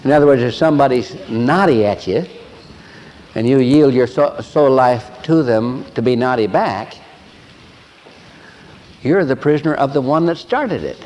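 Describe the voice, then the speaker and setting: An older man preaching a sermon, telling a story with animated voices and laughter. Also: mid-range voice, normal speed, long pauses. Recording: long echo of a large hall, faint ambience.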